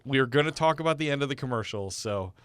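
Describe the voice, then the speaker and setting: A man co-hosting a podcast, retelling things in an animated, playful way. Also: mid-range voice, fast talker, clear, resonant tone, no echo. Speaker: podcast co-host. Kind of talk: casual chat.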